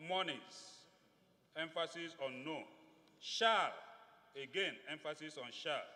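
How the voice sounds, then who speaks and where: A man's voice: on the high side, pushed and bright. A man with a Nigerian English accent giving a formal speech on the floor of a legislature, pressing hard on key words. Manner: formal, emphatic, rising to stress key words. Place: large legislative chamber. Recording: long reverb of a large chamber.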